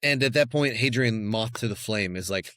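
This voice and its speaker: A man co-hosting a book club podcast, retelling scenes of a novel in a lively, conversational way. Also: lowish voice, moderate pace, no room sound, studio quality. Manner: animated retelling, acting out scenes. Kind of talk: casual book discussion.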